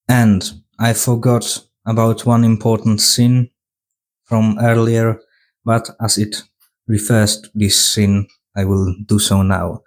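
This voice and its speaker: Brief: male reviewer, casual retrospective, dry sarcasm, unhurried delivery. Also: fairly low pitch, level tone. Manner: sarcastic plot retelling. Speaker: film reviewer.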